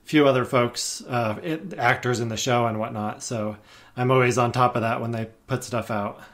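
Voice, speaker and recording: A man's voice: mid-range voice, fairly even intonation, moderate pace, fairly bright tone. Eager, rambling man on a podcast. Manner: eager, rambling, many fillers and restarts. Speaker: podcast guest. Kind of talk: casual podcast chat. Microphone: podcast microphone.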